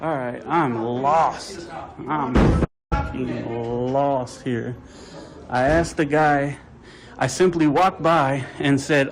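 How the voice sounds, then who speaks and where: Filming a dispute on his own camera, a visitor vlogs the confrontation with indignant complaints. His medium-pitched voice holds a steady tone and draws words out over crowd noise in a rough recording.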